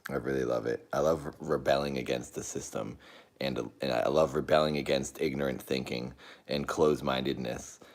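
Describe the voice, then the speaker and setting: Low-voiced man chatting on a live stream. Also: steady tone, moderate pace, gravelly. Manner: rambling, talks to chat, jumpy outbursts. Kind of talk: casual live-stream chat.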